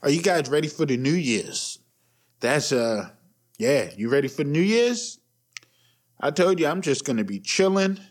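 A man in his thirties talks alone on his podcast, blunt and profane, chuckling at his own jokes. His voice sits a little higher than most men's. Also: very animated, measured pace. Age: 30s. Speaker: podcast host. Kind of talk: casual solo rant.

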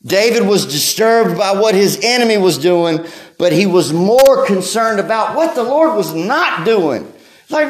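A high-pitched man preaches a sermon to his congregation. He talks with passion and often acts out pleading, anguished cries. His voice rings in an echoey church room. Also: lively intonation, normal speed. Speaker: pastor.

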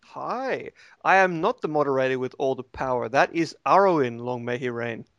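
A man's voice: medium pitch, lively intonation, moderate pace, a bit bright, dry recording, highs cut off. A man co-hosting a gaming podcast, chatting in a jokey, rambling way with lots of fillers. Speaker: subreddit moderator and co-host. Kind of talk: casual podcast chat.

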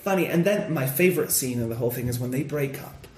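A man's voice: quick pace, roomy sound. A man co-hosting a podcast, chatting casually about films and acting out scenes with big jumps in his voice. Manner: animated, acts out movie scenes with big pitch jumps. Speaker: podcast co-host.

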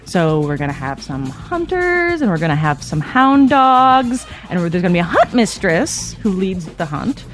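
A woman voicing her young British friend as she briskly explains the rules of a game. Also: mid-range voice, sing-song, darkish tone, faint music behind, lightly acted. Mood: instructing.

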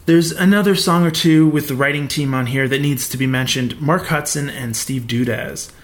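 A man's voice: a little high, normal speed. Casual, profane male podcast host. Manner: casual, profane, enthusiastic fan talk.

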